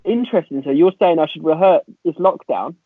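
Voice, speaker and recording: A man with a fairly high voice joins a podcast as a guest over a remote call, chatting in a self-deprecating, slightly nervous way. His audio is dry and thin, like a phone line. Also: fairly quick, husky, no room sound. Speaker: guest actor. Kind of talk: casual chat.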